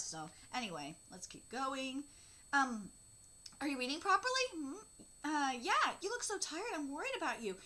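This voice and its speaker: Bright high-voiced woman reading manga aloud. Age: 30s. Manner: emotional and candid, reads dialogue flatly between outbursts. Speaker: manga reaction host.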